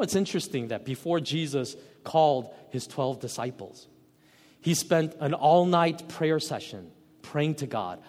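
A man preaching a sermon as pastor, emphatic, rising to loud peaks and dropping to soft, low phrases. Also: long reverb tail.

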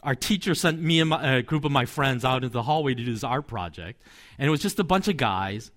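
A man's voice: mid-range voice, animated, fast, a bit bright. A man, a pastor, preaching a sermon in a conversational, storytelling way with asides and light chuckles.

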